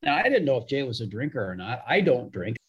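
A man's voice: medium pitch, sing-song, fast, husky. A man telling a casual anecdote, chatty, repeating words as he goes and acting out the quotes. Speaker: guest storyteller.

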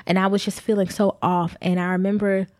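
A woman's voice: mid-range voice, level tone, fairly quick, darkish tone, dry recording, clean studio sound. A young pregnant woman candidly telling a personal story to her viewers, rambling a little and speaking to them directly. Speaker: vlogger.

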